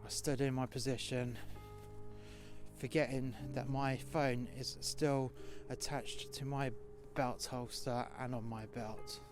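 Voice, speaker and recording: Brief: London man, blunt and sweary, narrates a story outdoors, even middle pitch, music playing under his voice. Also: slow pace. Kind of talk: first-person storytelling monologue. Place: outdoors in freezing cold.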